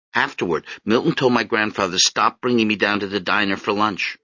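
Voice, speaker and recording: A man reading an audiobook in an expressive storytelling manner. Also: on the low side, brisk, hardly any pauses, dry recording. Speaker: audiobook narrator. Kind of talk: scripted narration. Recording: dull, dry lo-fi audiobook recording.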